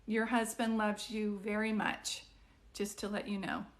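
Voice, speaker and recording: A woman doing psychic readings on a live stream, chatting with viewers in an excitable, rambling way. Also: mid-range voice, unhurried. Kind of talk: casual live-stream chat.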